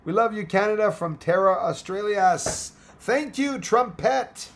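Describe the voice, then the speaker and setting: Hoarse man, rambling. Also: sits high, animated, unhurried, a little hiss or hum. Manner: rambling, many fillers and restarts. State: hoarse, losing his voice. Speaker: livestream host. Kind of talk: casual chat reading viewer comments.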